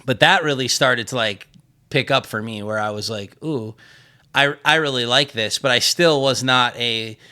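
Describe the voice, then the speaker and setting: A man's voice: mid-range voice, moderate pace, bright, forceful tone. A man hosting a podcast in casual conversation, rambling and self-deprecating, often laughing at himself. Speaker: podcast host.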